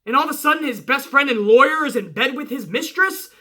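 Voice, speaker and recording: A man hosting his own channel, giving a casual, profane review, emphatic and jumping up in pitch when worked up. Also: fast talker, sharp tone. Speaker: wrestling show reviewer, channel host.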